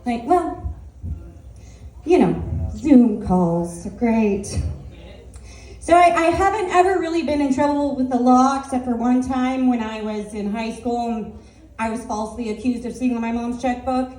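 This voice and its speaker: A woman telling rambling stand-up stories at an open mic, loud and chatty, full of fillers and little laughs. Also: a little high, unhurried. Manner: loose rambling storytelling with frequent fillers and laughs; loud, asks if she should tone down her voice. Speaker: stand-up comedian. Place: small live venue with an audience. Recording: roomy sound from a distance.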